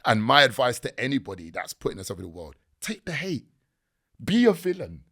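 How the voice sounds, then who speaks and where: A man, a podcast guest telling stories in a lively, slangy way. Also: mid-range voice, brisk, breathy edge. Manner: animated storytelling with slang. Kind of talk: casual podcast interview.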